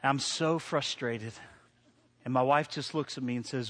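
A middle-aged man preaching a sermon as pastor, telling stories from his week, going from hushed asides to loud preaching. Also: mid-range voice, a little slow. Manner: storytelling, swings from quiet to loud preaching.

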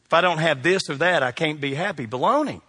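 A middle-aged man, a pastor telling funny stories in a sermon, folksy and animated, shouting his punchlines. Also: fairly high pitch, quick pace, husky. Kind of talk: humorous sermon storytelling.

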